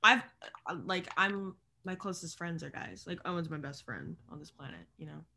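A young woman co-hosting a podcast in casual, rambling chat, full of fillers and quick laughs. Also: deep voice, lively intonation, vocal fry, bright, forceful tone, slight background noise. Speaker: podcast co-host.

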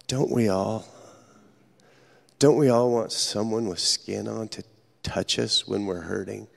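A man preaching a sermon as pastor, telling stories earnestly with dramatic pauses. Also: on the low side, steady tone, vocal fry. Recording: echoey hall reverb.

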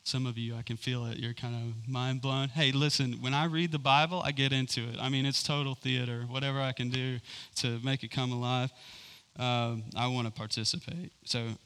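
A man's voice: mid-range voice, little pitch movement, moderate pace, a bit bright. A man giving informal, enthusiastic Bible teaching, rambling with many fillers and restarts.

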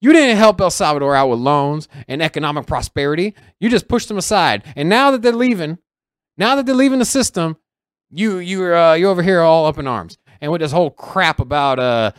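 A man co-hosting a podcast in casual chat, animated and acting out other people's lines as he tells a story. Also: on the high side, clear, resonant tone, no room sound, clean studio sound. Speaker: podcast co-host.

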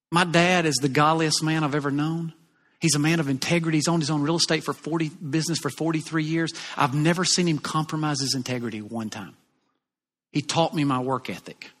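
A man from Alabama with a Southern accent, preaching a sermon in a folksy, animated, jokey way. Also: on the high side, a little fast. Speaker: pastor. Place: church auditorium. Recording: long reverb of a large church hall.

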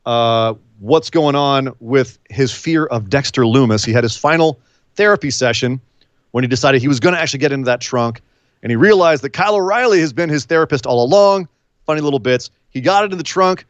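Guy cohosting a podcast, chatty and animated, kinda dull lo-fi mic, dry. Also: medium pitch, no echo. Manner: animated, incredulous outbursts, quick asides. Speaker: podcast co-host. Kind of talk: casual wrestling chat.

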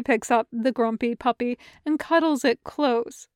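A woman reading a fan fiction audiobook in a light, brisk narrating voice. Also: a little high, clear, resonant tone, no echo, clean studio sound. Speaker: podfic reader.

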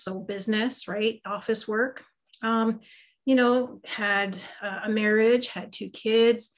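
A middle-aged woman, a guest on an interview, chatting about her life in a casual, self-deprecating way with lots of fillers. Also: mid-range voice. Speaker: guest, psychic medium and Reiki master.

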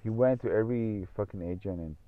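Man, casual storytelling, repetitive and profane, very low voice, dry, phone-quality sound. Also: fairly quick, no echo. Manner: rambling, repeats himself, swears often. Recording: tinny phone-like audio.

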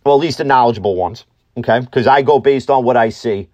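A man's voice: mid-range voice, fast, a little mellow. A man hosting an opinionated sports talk show, ranting bluntly and swearing freely. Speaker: sports podcast host.

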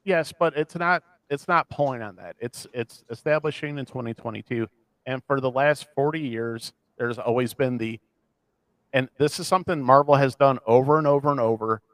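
A man from the American Midwest co-hosting a casual podcast chat, talking in animated, ranting bursts with a self-deprecating streak. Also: mid-range voice, normal speed, dry recording. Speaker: podcast co-host.

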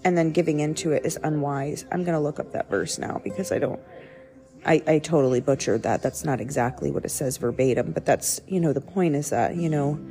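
Low-voiced woman, rambling devotional chat. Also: fairly quick, mellow. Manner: rambling, self-correcting, conversational. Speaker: podcast host. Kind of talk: casual devotional talk.

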